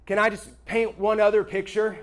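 A male pastor with a high voice preaches a sermon to a live audience. He sounds conversational and emphatic and keeps checking in with his listeners. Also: little pitch movement, moderate pace.

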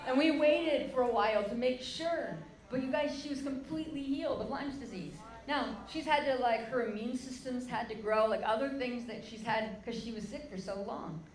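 A woman's voice: on the high side, moderate pace, hardly any pauses, reverberant, low-quality recording. A woman preaching a sermon, telling an emotional testimony story and calling out to the crowd as "guys".

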